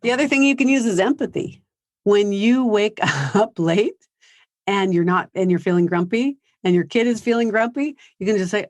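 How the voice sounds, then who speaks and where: A woman presenting a parenting seminar to parents in a conversational way, acting out soft, empathetic phrases as examples. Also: medium pitch, normal speed, no room sound, clean studio sound. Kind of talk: live seminar talk to parents. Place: high school seminar.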